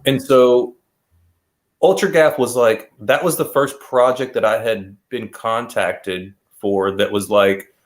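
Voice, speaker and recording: A man talks in a loose, easygoing way as an interview guest. His pitch sits in the middle range. He rambles and keeps circling back with casual fillers. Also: fairly even intonation, slow pace. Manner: rambling, laid-back, heavy use of "like" and "man". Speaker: guest magician.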